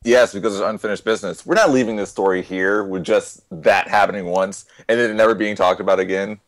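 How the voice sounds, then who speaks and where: A man co-hosting a podcast in casual chat, with a gravelly voice and a wry manner. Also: on the low side, steady tone, fast, dry recording. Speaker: podcast co-host.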